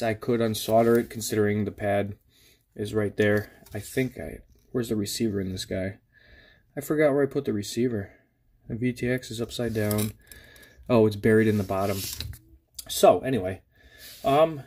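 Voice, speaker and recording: A man with a somewhat low voice and a stuffy nose talks through a casual hobby update. He rambles, fills pauses with fillers and often restarts his sentences. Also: darkish tone. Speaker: FPV drone hobbyist vlogger.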